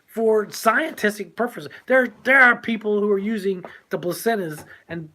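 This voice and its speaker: A man's voice: sits high, moderate pace, bright, forceful tone. An older man co-hosting a casual talk show, speaking in a preachy, emphatic way and laughing often. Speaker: co-host.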